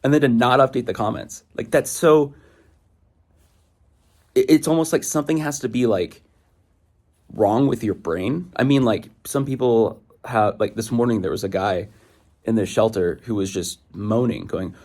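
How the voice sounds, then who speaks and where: A young man talks to the camera from a hiking trail, fired up and exasperated. His voice sits a little low, and he rambles from one point to the next, going off on tangents. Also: moderate pace, darkish tone. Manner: ranting, exasperated, goes off on tangents. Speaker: thru-hiker vlogger. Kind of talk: rambling outdoor vlog monologue.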